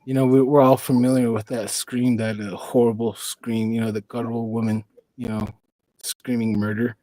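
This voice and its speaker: A man's voice: medium pitch, little pitch movement, normal speed, mellow, no echo, poor audio. A man from the Four Corners region of the US, a podcast guest telling a long story in a rambling way and leaning on "you know". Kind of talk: casual storytelling.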